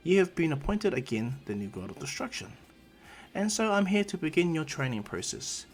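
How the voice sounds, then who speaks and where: A man voicing a calm, matter-of-fact female divine attendant who trains a young god, in a casual fan story. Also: fairly high pitch, moderate pace, slightly rough, voice pushed up, full character voice.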